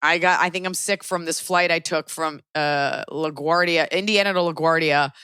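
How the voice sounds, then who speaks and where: A woman hosting a podcast in casual chat, opinionated and animated, with quick asides. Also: sits low, smooth, no room sound, clean studio sound. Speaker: podcast host.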